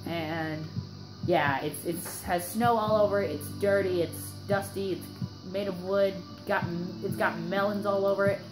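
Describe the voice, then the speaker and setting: A young woman rambles through casual gameplay commentary with a slightly sore throat. She fills gaps with lots of ums and restarts. Her voice rings in a roomy space with music playing behind. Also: medium pitch. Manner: rambling and chatty, many fillers and restarts. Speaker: gaming channel host. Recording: roomy echo with background music.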